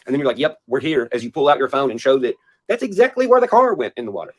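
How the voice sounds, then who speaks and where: Fast-talking indignant male YouTuber. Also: mid-range voice, very animated. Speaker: YouTuber in played clip. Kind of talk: ranting video monologue.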